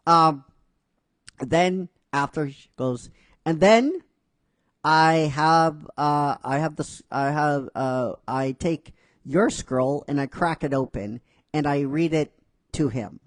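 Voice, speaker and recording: A man's voice: a little high, slow pace, dry recording, clean studio sound. A man casually retelling a fan story, rambling with restarts and frequent "right?" asides.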